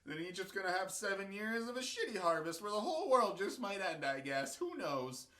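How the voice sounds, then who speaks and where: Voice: mid-range voice, big pitch swings, brisk, pushed and bright. A video host retelling a bible story and history in a casual, irreverent, crude, rambling way.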